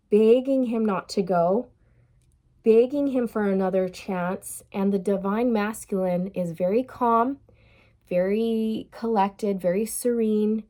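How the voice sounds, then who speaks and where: Tarot reader, woman, unhurried delivery, soft mellow tone, repeats herself, laughs off slips. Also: mid-range voice. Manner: loose and chatty, repeats phrases, laughs at her own slips. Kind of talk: tarot card reading monologue.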